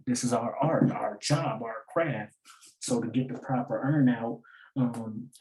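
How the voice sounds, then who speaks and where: A man's voice: medium pitch, unhurried, darkish tone, echoey room, low-quality recording. A man hosting a casual breakdown of rap lyrics, loose and slangy, who repeats lines and keeps asking "get it?" and laughs at his own points. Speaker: battle rap breakdown host.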